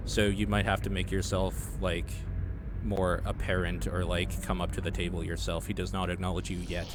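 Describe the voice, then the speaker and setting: A man with a low voice narrates a tabletop game as game master, casual and full of fillers. Clear background noise sits under his voice chat. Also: level tone, moderate pace. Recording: noisy voice chat.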